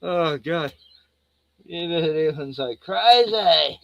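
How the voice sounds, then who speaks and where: A man's voice: fairly high pitch, slow pace, vocal fry, pushed and bright, slight background noise, rough recording. A middle-aged man with an Australian accent chatting casually, laughing a lot and breaking off to talk to his pets in a playful singsong. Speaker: vlogger. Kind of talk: casual rambling chat.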